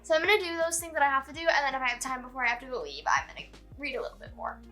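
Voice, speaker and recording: A woman chatting excitedly in a casual reading vlog at home, filling her talk with "like". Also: high-pitched, rapid-fire, music in the background. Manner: chatty and excitable, heavy use of "like". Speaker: book vlogger.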